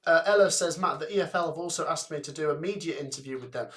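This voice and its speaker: A young man with a Coventry accent hosting a live football watchalong, chatting and reading viewer comments and predictions out briskly. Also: on the high side, fairly bright tone. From England. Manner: chatty, reads out names and scores briskly.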